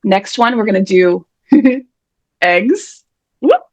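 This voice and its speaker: A woman's voice: mid-range voice, very animated, slow, a little mellow, no echo. A woman hosting an online word game on a video call, chatty, playful and self-deprecating as she reads out the players' suggestions. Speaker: host and emcee of an online writers' event. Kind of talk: casual live-stream game hosting.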